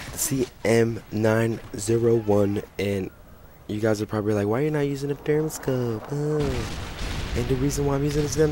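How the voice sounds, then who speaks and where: A young man with a sick, hoarse voice, ranting and swearing through casual gameplay commentary. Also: mid-range voice, background noise. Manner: profane, ranting, frustrated. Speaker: gaming channel host.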